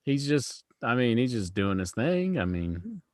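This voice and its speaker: A man's voice: mid-range voice, big pitch swings, a little slow, a little mellow, no echo, studio quality. A man co-hosting a casual wrestling podcast, laid-back and agreeable. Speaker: podcast co-host.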